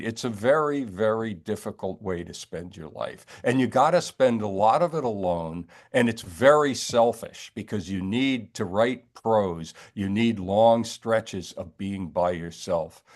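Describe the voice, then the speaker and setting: An older man from the New York area, an author telling his story in a wry, rambling interview chat. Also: fairly low pitch. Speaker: author guest.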